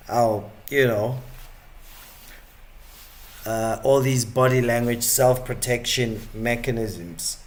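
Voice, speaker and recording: A man's voice: medium pitch, a bit bright. A South African man hosting a live stream, chatting and joking in a rambling, casual way.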